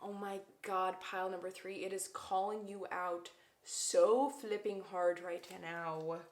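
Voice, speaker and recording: A woman's voice: lowish voice, fairly even intonation, slow pace. Woman doing a chatty card reading, gushy and heartfelt, kinda echoey room. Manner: effusive and heartfelt, stressing lines for emphasis. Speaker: tarot card reader. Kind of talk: casual pick-a-card reading to viewers.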